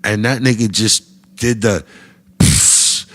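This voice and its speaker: A man telling a comic anecdote in a casual, profane, slangy way, getting animated as he goes. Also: medium pitch, measured pace. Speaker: storyteller guest.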